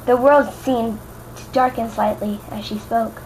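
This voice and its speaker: A woman's voice: on the high side, fairly even intonation, measured pace, darkish tone, a little hiss or hum, rough recording. A young woman from Louisiana casually reading fan fiction aloud, stumbling, rereading words and adding chatty asides. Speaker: amateur reader.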